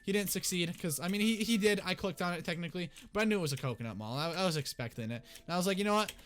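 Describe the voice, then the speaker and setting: A young man telling a rambling, excitable story to his viewers in a casual storytime vlog. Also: sits high, rapid-fire. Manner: excitable, rambling, restarts often. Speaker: YouTuber.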